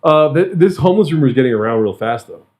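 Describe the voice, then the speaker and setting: Man, podcast host, casual rowdy banter, swearing, bouncy animated pitch. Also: quick pace. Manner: rowdy, joking, swearing, laughs often. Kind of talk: casual chat.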